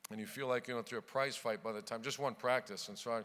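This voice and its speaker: Middle-aged man, from Ohio, keynote storyteller, punchy anecdotes, bright crisp voice, podium mic, long hall reverb. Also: mid-range voice, steady tone, fast talker. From Ohio, USA. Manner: anecdotal, punchy, with loud bursts at new chapters. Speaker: keynote speaker, football coach. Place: large banquet hall.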